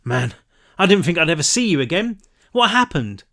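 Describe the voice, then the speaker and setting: Man doing a big gentle lumbering dude, soothing. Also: on the high side, very animated, moderate pace.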